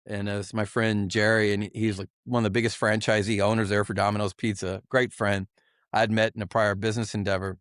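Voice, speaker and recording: A man's voice: on the low side, level tone, fairly quick, a bit bright, no room sound, studio quality. A man guest on a podcast giving an emotional, earnest personal testimony, often restarting and repeating himself.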